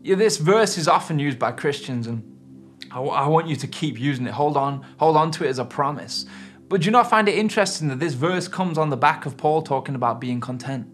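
A man's voice: fairly high pitch, animated, a little fast, a bit bright. Earnest man preaching, faint music. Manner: earnest, emphatic preaching with rising and falling intensity. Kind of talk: sermon.

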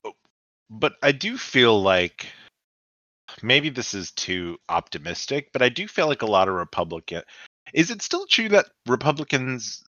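A man's voice: mid-range voice, sing-song, moderate pace, sharp tone, no room sound, highs cut off. A man co-hosting a casual political chat podcast, joking in a sarcastic, mock-serious way. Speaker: podcast co-host.

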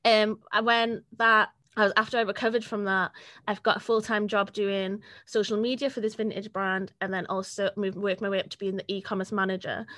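A young woman, chatting casually as an interview guest, sweary and quick to laugh. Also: mid-range voice, level tone, pushed and bright, no room sound, clean studio sound. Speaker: podcast guest, freelance journalist.

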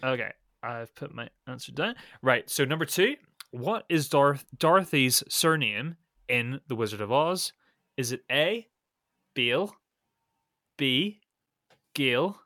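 A man's voice: mid-range voice, lively intonation, slow pace, long pauses, pushed and bright, no room sound, clean studio sound. A man co-hosting a casual podcast, reading out quiz questions and answer options with a playful lilt.

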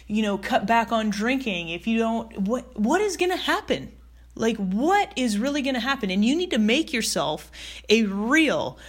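Woman doing a pep talk, casual and pushy, lots of rhetorical questions and repeats. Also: medium pitch. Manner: emphatic, repetitive, direct address with rhetorical questions; casual with fillers and mild swearing. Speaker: motivational speaker. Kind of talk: motivational talk to camera.

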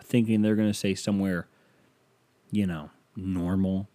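A man hosting a solo podcast, ranting casually and profanely with loud exasperated outbursts, tired and yawning. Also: lowish voice, measured pace, pauses often. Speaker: podcast host.

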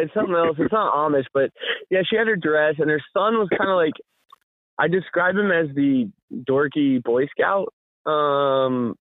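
A man co-hosting a podcast, telling a rambling, animated story in casual chat with frequent laughs. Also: a little high, no echo. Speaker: podcast co-host. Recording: tinny phone-line sound, dry.

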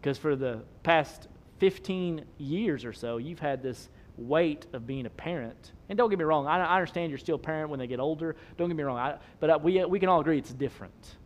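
A man, preaching a sermon, swinging between loud emphasis and soft low asides. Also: brisk, few pauses. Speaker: pastor.

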